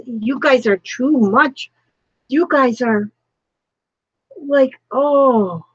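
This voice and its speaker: Woman crafter, slow husky voice, emotional asides, dull dry home mic. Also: high voice, no room sound. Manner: emotional, overwhelmed, breathless exclamations. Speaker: crafting vlogger. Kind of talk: casual craft tutorial chat.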